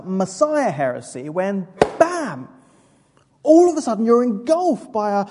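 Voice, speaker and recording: Woman preacher, mellow and slightly husky, with a long hall reverb. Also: fairly low pitch. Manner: vivid, expressive storytelling with asides. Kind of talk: sermon. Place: church.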